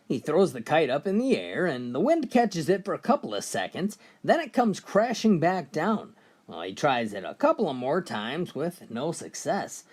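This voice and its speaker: Lively joke teller, brisk storytelling. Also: medium pitch. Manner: brisk storytelling delivery, opening lines with "well". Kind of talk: reading jokes aloud.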